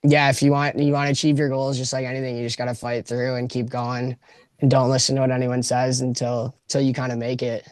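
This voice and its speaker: A relaxed man talking hockey and life as a podcast guest. His voice sits mid-range and sounds close and dry, with no room around it. He keeps things loose and laughs easily. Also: medium pitch, fairly quick, no echo. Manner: easygoing, laughs often. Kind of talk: casual podcast chat.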